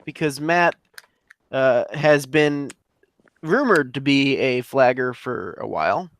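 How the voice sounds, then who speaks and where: A man speaking deliberately in a casual livestream discussion. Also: medium pitch, a bit bright, a little hiss or hum. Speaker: stream panelist.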